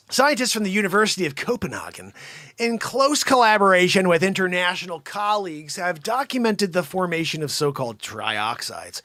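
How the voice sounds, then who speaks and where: A man hosting a comedic livestream, riffing jokily on news stories and breaking into shouts. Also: sits high, moderate pace, dry recording. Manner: animated, jokey, breaks into shouting. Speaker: host.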